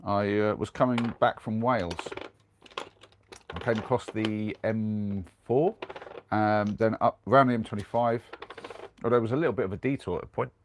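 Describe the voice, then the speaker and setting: A young man with a cold and a fairly low voice chats casually at a moderate pace on a live stream from his camper van, rambling and reading out viewer comments. Background noise is present.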